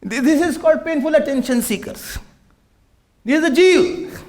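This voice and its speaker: A man's voice: extremely high pitch, normal speed, a little mellow. A man giving a humorous spiritual discourse as a swami, acting out family quarrels and slipping into Hindi. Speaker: swami giving a scripture talk.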